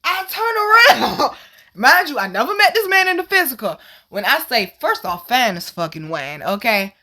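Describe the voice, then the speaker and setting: Woman, fairly high-pitched, brash storyteller voice. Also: normal speed. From Virginia, USA. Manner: animated, profane, laughing, acts out the people in her story. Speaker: channel host telling a personal story. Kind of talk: casual storytelling.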